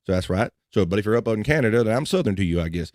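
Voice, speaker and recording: A chatty man with a low voice and a slight Mid-Atlantic American twang hosts a live podcast stream. He rambles loosely and restarts sentences mid-thought. The sound is dry and close, with no room echo. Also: lively intonation, very fast, darkish tone. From Mid-Atlantic United States. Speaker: podcast host. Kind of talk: casual live-stream chat.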